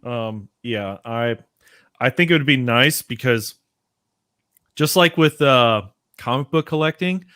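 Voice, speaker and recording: A man's voice: medium pitch, slow pace, fairly bright tone, smooth, dry recording. Laid-back man chatting on a dry mic. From Texas. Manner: laid-back, rambling, many fillers. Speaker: host. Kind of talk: casual chat.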